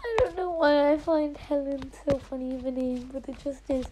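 High chatty woman murmuring over a game. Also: little pitch movement, normal speed, noisy background. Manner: chatty, giggly, muttering half to herself. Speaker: gaming streamer. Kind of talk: casual gameplay commentary.

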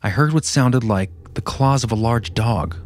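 A man hosting a podcast, reading a listener's first-person story aloud in a steady, measured way. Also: mid-range voice, a little hiss or hum. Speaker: podcast host.

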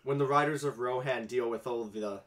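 A young man hosts a relaxed podcast chat, his voice bright and forward. He rambles through anecdotes, laughs easily and fills pauses with ums and likes. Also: medium pitch. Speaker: podcast host. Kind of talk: casual chat.

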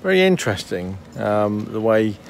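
A man in a casual travel vlog, talking hesitantly with many pauses and restarts. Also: fairly low pitch, sing-song, slight background noise. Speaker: vlogger. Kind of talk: casual chat.

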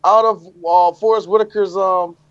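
High-voiced man on a dull mic. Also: fairly even intonation, moderate pace, no room sound. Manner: emphatic, teasing, repeats himself. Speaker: podcast co-host. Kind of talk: casual chat.

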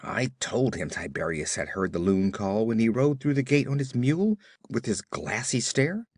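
A man reading a blurting rough frontier soldier. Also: mid-range voice, animated, normal speed, a little mellow, no room sound, studio quality. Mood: excited. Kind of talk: audiobook character reading.

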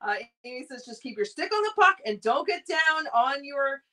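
A woman's voice: high-pitched, expressive, normal speed, sharp tone, distant mic. A woman co-hosting a casual sports livestream, cheerfully reading viewer comments aloud. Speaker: livestream co-host reading chat.

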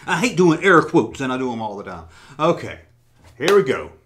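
A man's voice: medium pitch, sing-song, normal speed, fairly bright tone, slight background noise. A man hosting a casual vlog who talks with sarcastic jokes and swears freely. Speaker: toy collecting YouTuber. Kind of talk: casual vlog, reading comments.

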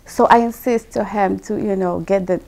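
A woman's voice: medium pitch, fairly even intonation, moderate pace, creaky, darkish tone. A woman telling her personal story as a guest. She uses simple, non-native English phrasing, speaks earnestly and with emotion, and repeats words for emphasis.

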